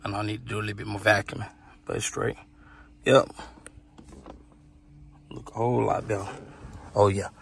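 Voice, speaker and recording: A man filming a casual car vlog outdoors, excited and a little out of breath, often repeating himself. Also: lowish voice, normal speed, creaky, long pauses. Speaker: car vlogger. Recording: noisy outdoor camera audio. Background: loud car engine and street noise.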